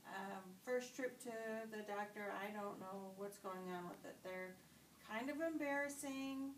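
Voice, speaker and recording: A woman's voice: mid-range voice, measured pace, a little hiss or hum, close to an everyday voice. A woman playing a patient in a nursing demonstration, answering hesitantly with fillers. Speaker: role-played patient. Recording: echoey room, far from the mic.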